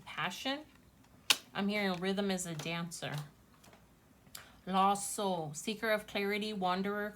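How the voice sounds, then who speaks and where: A woman's voice: mid-range voice, a bit bright, slight background noise. A woman casually chatting to viewers as she gives a tarot reading, gushing and talking straight to her audience. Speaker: tarot reader.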